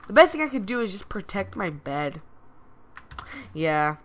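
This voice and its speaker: Excitable woman narrating gameplay. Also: medium pitch, normal speed. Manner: excitable, dramatic, self-deprecating. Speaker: gameplay commentator. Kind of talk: casual game commentary.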